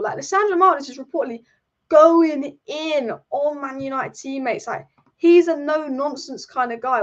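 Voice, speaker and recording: A woman's voice: sits high, moderate pace, highs cut off. A woman hosting a football livestream from her room, talking bluntly, swearing freely and repeating herself. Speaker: football channel host. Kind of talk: casual livestream chat.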